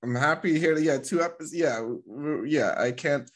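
A man hosting a casual podcast chat, his voice a touch higher than most men's. He rambles through fillers and restarts and laughs easily. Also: fairly quick. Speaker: podcast host.

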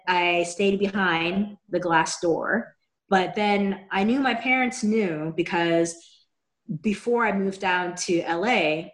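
A woman from Seattle telling a personal story in a candid, chatty way, with a wry, self-deprecating humor. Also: fairly low pitch. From Seattle, USA. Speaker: guest sharing a personal story. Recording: roomy echo.

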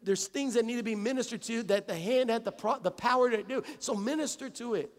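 Speaking fairly quickly in a very high-pitched voice, a male pastor gives a conversational sermon in a church sanctuary with a long reverb tail. He repeats phrases and plays out small dialogues for the congregation.

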